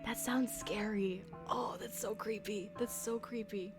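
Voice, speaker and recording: A woman's voice: medium pitch, steady tone, a little slow. A woman casually chatting on a live stream, reading viewers' scary stories and greeting chat with a giggly manner. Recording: music playing behind.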